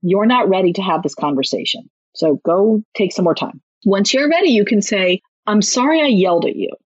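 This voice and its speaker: A woman with a husky, slightly breathy voice gives parenting advice in a casual interview, animated and quick to act out little bits of dialogue. The sound is dry and close, a touch dull and lo-fi. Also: medium pitch, dry recording. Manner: animated, acts out parents' and kids' lines in quick asides. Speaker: guest parenting author and clinical social worker.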